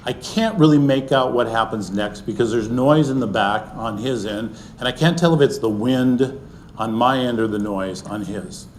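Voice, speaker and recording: A middle-aged man recounts a personal story before a live audience in an earnest, unhurried way. His voice sits at an ordinary pitch and often drops to a soft, hushed level. A faint low rumble hums behind him. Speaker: speaker sharing a personal story.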